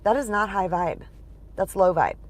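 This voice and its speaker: A woman's voice: medium pitch, moderate pace. A middle-aged woman speaking as a spiritual empowerment coach, talking casually and emphatically to viewers from inside her car, often calling them you guys. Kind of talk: casual monologue to camera.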